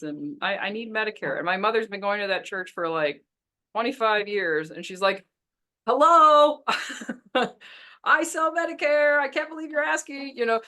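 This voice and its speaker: Woman coaching on a video call webinar, lively and chatty, laughs a lot. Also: mid-range voice. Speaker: business coach. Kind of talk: webinar teaching.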